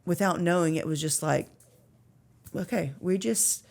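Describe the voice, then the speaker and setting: A woman's voice: lowish voice, measured pace, gravelly, a little mellow. A woman in her thirties telling an earnest, emotional story of faith and struggle as a podcast guest, with many fillers. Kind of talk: personal faith testimony.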